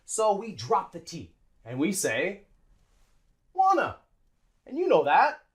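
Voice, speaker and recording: Pronunciation teacher, unhurried, voice swoops up and down, drills phrases over and over. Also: mid-range voice. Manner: animated, repeats drills slowly and stretches sounds. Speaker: English teacher. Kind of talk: pronunciation lesson.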